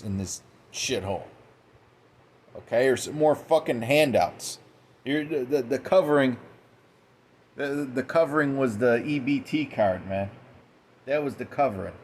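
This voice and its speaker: A man's voice: medium pitch, darkish tone, slight background noise. A man giving a profane, mocking late-night commentary monologue, quoting scripture in a preachy way. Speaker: commentary host.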